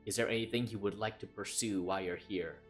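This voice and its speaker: Calm male game master narrating. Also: fairly low pitch, quick pace. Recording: faint background music.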